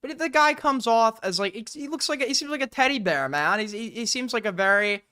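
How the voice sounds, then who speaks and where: A man's voice: very high voice, animated, quick pace, bright, forceful tone, clear, resonant tone. A man streaming, reacting to a video clip with sarcastic, rambling commentary and bursts of laughter.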